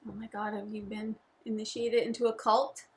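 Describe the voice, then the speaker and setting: A woman's voice: mid-range voice, little pitch movement, moderate pace, a little mellow, a little hiss or hum. A woman co-hosting a casual board game chat, playful and teasing as she talks. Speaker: board game channel co-host.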